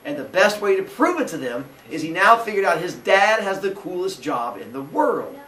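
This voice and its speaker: A man's voice: sits high, big pitch swings, normal speed, pushed and bright. A male teacher telling a myth to his class in a playful way, acting out the characters and quizzing the students. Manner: playful, acts out characters, asks the class questions. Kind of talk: animated storytelling to a class. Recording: roomy classroom, mic at a distance.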